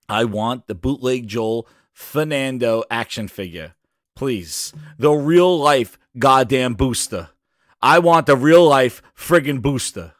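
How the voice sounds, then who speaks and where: A man's voice: mid-range voice, no echo, studio quality. A man hosting a casual gaming livestream, rambling and profane, sometimes breaking into joking singing. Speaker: podcast host.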